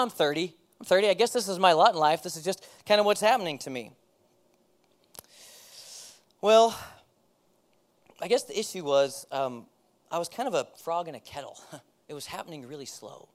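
A man in his thirties, a pastor, giving a candid personal testimony in a sermon, self-deprecating and often laughing at himself. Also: high-pitched.

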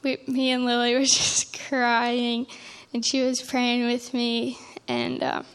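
A young woman telling an emotional church testimony, earnest and halting, with frequent restarts. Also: fairly high pitch, smooth. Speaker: testimony speaker.

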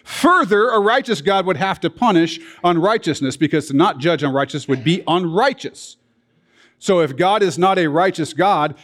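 Male pastor, animated and emphatic, slightly high voice, walks listeners through scripture with blunt remarks. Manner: lively, emphatic teaching with blunt asides. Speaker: pastor teaching a Bible study. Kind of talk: sermon.

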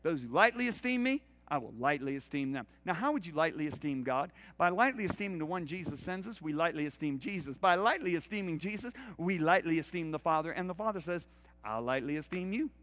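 A man preaching a sermon in a church, telling Bible stories dramatically and acting out the voices, swinging from loud to hushed. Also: on the high side, lively intonation, fairly quick, in a large hall.

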